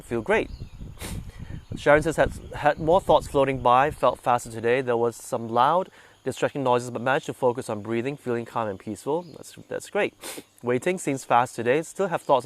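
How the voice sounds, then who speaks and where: A man leading a meditation group, talking gently and conversationally and putting questions to his listeners, a little congested from sinus trouble. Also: medium pitch. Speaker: meditation guide. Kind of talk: relaxed talk to a meditation group.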